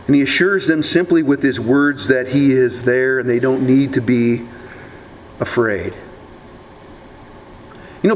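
A man preaching a sermon in a conversational, folksy way with casual asides. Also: a little high. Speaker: pastor. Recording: long hall reverb, faint background noise.

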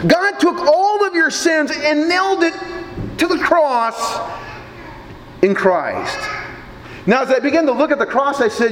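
A male pastor from Nebraska preaching a sermon, telling stories in an animated way with small stammers. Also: extremely high pitch, measured pace, pauses often, long reverb tail, a little hiss or hum, poor audio.

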